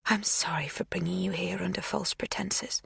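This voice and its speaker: A woman's voice: lowish voice, very animated, moderate pace, no echo, studio quality, voice pushed up. A woman whispering as an intense tender older woman. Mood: hushed intense. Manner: breathy whisper.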